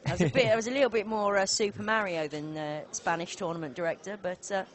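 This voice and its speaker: A woman from southern England doing live poker tournament commentary, chatty and quick with asides and laughter. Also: mid-range voice, steady tone.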